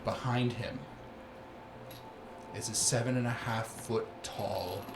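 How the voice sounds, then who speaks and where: Male game master, unhurried descriptive narration, roomy room, music underneath. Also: on the low side, fairly even intonation, noisy background. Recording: roomy sound with music bed.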